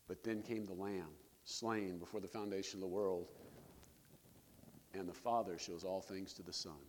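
A man preaching a sermon in a church sanctuary, talking with his congregation in an easy, conversational way and tossing them rhetorical questions. His voice sits at an ordinary middle pitch. A long reverb hangs on every phrase, as in a large hall. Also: a little mellow. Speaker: pastor.

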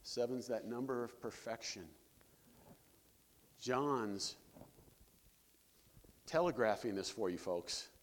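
A man preaching a sermon in a church sanctuary, talking with his congregation in an easy, conversational way and tossing them rhetorical questions. His voice sits at an ordinary middle pitch. A long reverb hangs on every phrase, as in a large hall. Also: slow pace, long pauses, slight background noise. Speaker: pastor.

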